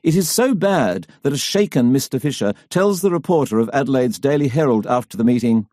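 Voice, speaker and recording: A man narrating a history audiobook in a measured, even storytelling manner. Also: mid-range voice, dry recording, studio quality. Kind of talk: scripted narration.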